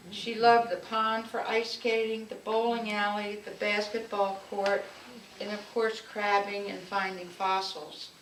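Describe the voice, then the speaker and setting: A woman speaking at a community event, telling fond personal stories in the manner of a public speech. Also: mid-range voice. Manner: fond, storytelling, warm recollection. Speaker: local speaker at an anniversary event. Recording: echoey room, distant mic, faint noise.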